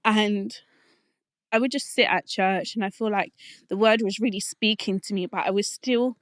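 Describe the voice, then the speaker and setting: A young adult woman telling a personal faith testimony in a heartfelt, halting way, often restarting her sentences, and getting emotional. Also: mid-range voice, steady tone, no echo, clean studio sound. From Colombian family roots. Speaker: podcast guest.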